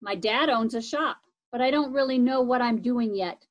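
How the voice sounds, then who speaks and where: A woman reads as a red-headed storybook boy, slangy and excitable, throwing out "radical" at every turn. The voice rides high and pushes loud. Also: normal speed, highs cut off, natural voice. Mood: excited. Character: upbeat red-headed scooter-riding boy, homesick.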